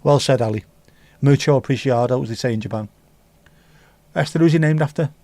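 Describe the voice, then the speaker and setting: He's a fast-talking man from England hosting a livestream, his medium-pitched voice a little mellow, with no room sound in the recording. Between casual chat and reading viewer comments, he throws in rambling, jokey asides and swears freely.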